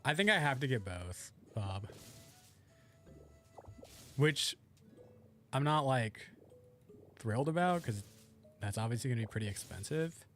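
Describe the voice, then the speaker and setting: A young adult man streaming a video game, chatting casually with viewers and thinking aloud in a relaxed, rambling way. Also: mid-range voice, measured pace, pauses often, faint music behind. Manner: laid-back, rambling, thinks aloud while playing. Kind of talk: casual gameplay chat with viewers.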